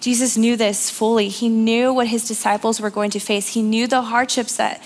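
A woman's voice: a little high, fairly even intonation, normal speed. A young woman giving an earnest, encouraging sermon in church, repeating phrases for emphasis. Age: young adult. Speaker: youth speaker giving the sermon.

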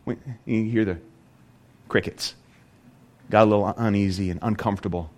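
A man preaching a sermon as a pastor, animated and full of rhetorical questions. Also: lowish voice, normal speed.

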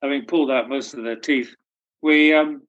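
A man's voice: mid-range voice, steady tone, normal speed, lo-fi sound. Older Englishman with dry humor. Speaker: interviewee. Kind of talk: storytelling anecdotes.

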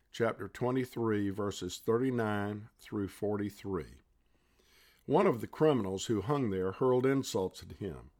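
A male pastor delivering a short sermon, reading scripture and leading a prayer in a measured way. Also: fairly low pitch, a little mellow. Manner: slow, measured reading aloud.

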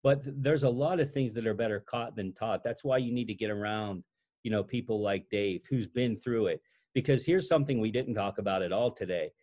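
A man's voice: fairly low pitch, brisk, darkish tone. A man hosting a podcast, talking in an encouraging, motivational way as he wraps up an interview. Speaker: podcast host. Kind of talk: interview and show sign-off.

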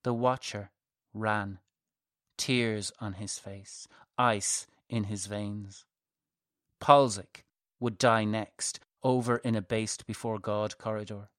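A man reading his own dark fantasy story aloud in a measured, softly dramatic narration. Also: fairly low pitch, fairly even intonation, no room sound, studio quality.

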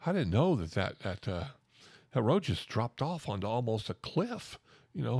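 A man, telling a folksy ghost story in an animated way, repeating words and acting out the shouts. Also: mid-range voice, normal speed, creaky, husky, no echo, studio quality. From Oklahoma.

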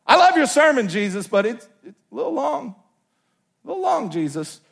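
A man's voice: extremely high pitch, big pitch swings, moderate pace, vocal fry, a bit bright, voice pushed up, full character voice. A man voicing a bold, brash male disciple who stammers and wheedles. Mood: pleading. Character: brash, bold male disciple Peter pleading with his teacher.

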